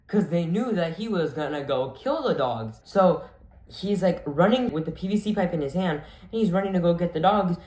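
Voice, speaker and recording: A man's voice: high voice, lively intonation, normal speed, darkish tone, a little hiss or hum. A man rambles through a storytime vlog, his sentences chained with "like" and "and then". His voice rings in an echoey room. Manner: rambling, breathless storytelling full of "like". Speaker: vlogger.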